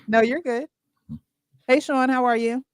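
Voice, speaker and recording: An upbeat woman hosting a casual chat show over a video call. She turns from guest to guest with quick questions. The sound is dry and close. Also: high voice, fairly even intonation, smooth, no echo. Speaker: host.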